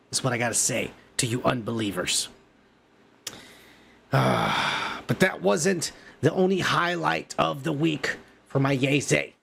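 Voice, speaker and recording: A man's voice: fairly high pitch, gravelly, fairly bright tone, slight background noise. A male podcast host delivering a profane, ranting comedic news segment.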